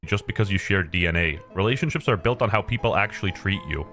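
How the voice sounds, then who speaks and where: A man with a very low voice narrates a scripted commentary. His delivery is flat and declarative. Faint music plays underneath. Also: fast talker.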